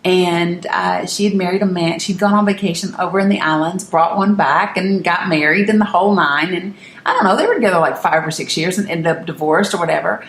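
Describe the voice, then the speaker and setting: A woman's voice: on the low side, fairly quick, hardly any pauses, roomy sound. A woman from Northeast Tennessee telling a personal family story to camera, candid and emphatic, often restarting her sentences. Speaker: vlogger.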